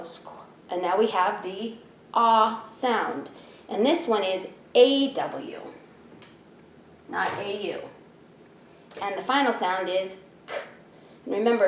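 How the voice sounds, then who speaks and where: Slow, patient woman teacher, echoey room. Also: medium pitch, slight background noise. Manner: slow, patient sounding-out of letters. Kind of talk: online spelling lesson. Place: home.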